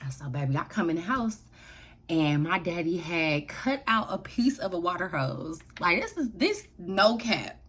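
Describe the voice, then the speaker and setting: A woman's voice: lowish voice, very animated, unhurried, a bit bright, husky. A young adult woman telling a story on her vlog in a loose, slangy way, laughing often. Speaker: vlogger.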